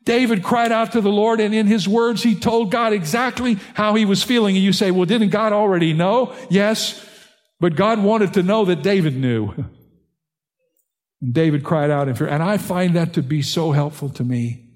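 Older male pastor, earnest sermon delivery, a touch high-pitched, recorded in a big echoing sanctuary. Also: moderate pace. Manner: earnest preaching, rising in pitch and force when stressing points.

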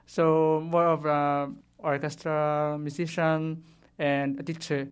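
Low-voiced young woman interviewee. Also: level tone, slow pace, clear, resonant tone. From Philippines. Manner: earnest, laughs often. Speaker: orchestra scholar guest. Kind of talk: interview conversation.

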